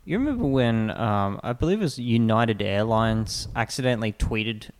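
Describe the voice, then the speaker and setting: A man's voice: fairly low pitch, animated, normal speed. A man co-hosting a casual comedy podcast, going off on playful tangents. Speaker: podcast co-host.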